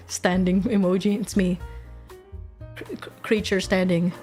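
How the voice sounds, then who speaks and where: A young woman streaming a casual chat, talking in a lively, animated way. She swears freely and laughs often, at a middling pitch, with faint music in the background. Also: unhurried.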